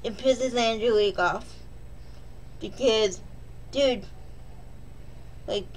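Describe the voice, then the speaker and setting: Woman vlogger, slow and easygoing, wry and self-mocking, chatty review delivery. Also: a little high, slight background noise. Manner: rambling, joking, self-deprecating. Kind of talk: casual spoken film recap.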